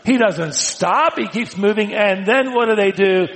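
Guy preaching, fairly high voice, goes big then drops way down soft, echoey hall. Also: unhurried. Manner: dramatic swings from loud emphasis to hushed tones. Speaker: pastor. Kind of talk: sermon.

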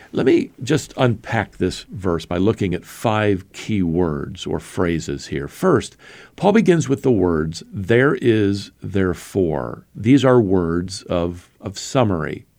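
A male pastor preaching a sermon, stressing single words with slow, deliberate pauses. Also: deep voice, darkish tone, dry recording.

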